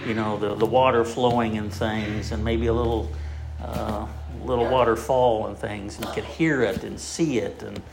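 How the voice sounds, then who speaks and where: A man preaching a sermon in a folksy, halting way, with many fillers and restarts as he tells a joke. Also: lowish voice, fairly even intonation, creaky, roomy sound, crowd noise, poor audio.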